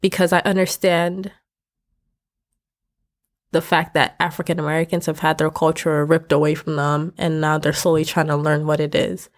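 A woman's voice: low voice, normal speed. Young woman ranting to her camera. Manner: rambling, self-correcting, laughs often; expressive, rising to emphatic outbursts. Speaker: vlogger. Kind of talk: casual talking-to-camera rant.

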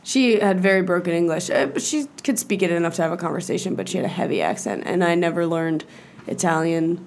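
A woman in a casual chat, animated and opinionated, swearing now and then. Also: fairly low pitch, quick pace, slight background noise.

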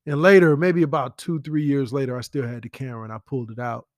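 A man telling stories about a late friend in a casual, animated way, with slang and whispered asides. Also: medium pitch, fast, dry recording. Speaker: friend giving a spoken tribute. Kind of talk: casual storytelling.

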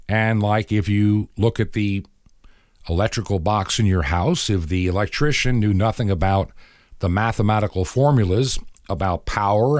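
A middle-aged man on his radio program moralizes earnestly, sometimes acting out quoted exchanges between people. His voice is fairly low with a darkish tone, captured in a dry recording with clean studio sound.

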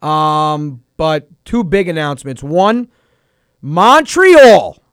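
A man's voice: a little high, normal speed, no echo, studio quality. A young man hosting a comedy radio show, telling stories and acting out the people in them. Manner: animated storyteller, acts out voices in his stories. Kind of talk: casual comedic banter. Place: radio studio.

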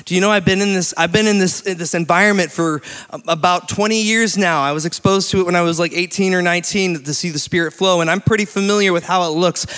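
Animated male preacher in a reverberant hall. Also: high-pitched. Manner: animated storytelling, laughs often. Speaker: pastor. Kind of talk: sermon. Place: church hall.

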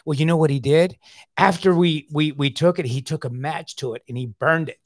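A man's voice: on the high side, a little fast, no echo, clean studio sound. A middle-aged man telling a personal recovery story in a casual, confiding way. He often repeats words and keeps saying "man.". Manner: earnest, confiding.

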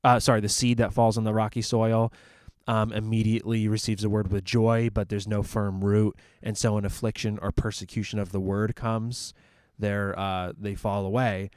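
A man from a church ministry talks through faith topics in a relaxed, thinking-aloud way, pausing on fillers and restarting his sentences. His voice sits fairly low. The sound is dry and close, with no room echo. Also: smooth. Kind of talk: casual faith discussion.

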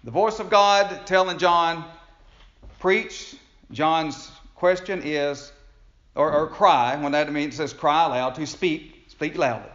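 A man with a slightly high, fairly bright voice preaches a sermon at a measured pace in a folksy, conversational style, chuckling and restarting sentences. The recording is echoey and dull, with lo-fi sound.

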